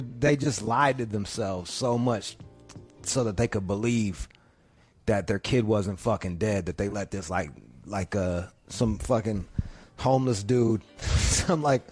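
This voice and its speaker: A radio host with a lowish, slightly rough voice riffs crudely and jokingly. He's loud, profane, and laughing through the banter.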